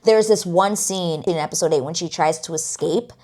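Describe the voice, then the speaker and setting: A woman's voice: fairly low pitch, normal speed, warm tone. A woman giving a casual, outspoken review of a TV series on her vlog, talking emphatically with lots of "like" and the odd swear word.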